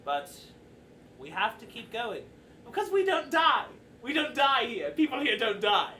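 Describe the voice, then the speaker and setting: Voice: mid-range voice, very animated, measured pace, bright, forceful tone, voice pushed up. A game master voicing a weary, aging male carnival master who announces the day's events to his staff in a showman's manner. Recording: roomy distant mic with faint noise.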